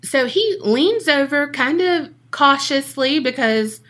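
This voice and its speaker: A woman spins a true-crime tale for her podcast, her voice bright and sharp and sitting a little high. She swears freely, jokes along the way and slips into the voices of the people in her story. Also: expressive, slow pace. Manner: profane, jokey, acts out quoted people. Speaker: podcast co-host telling a case.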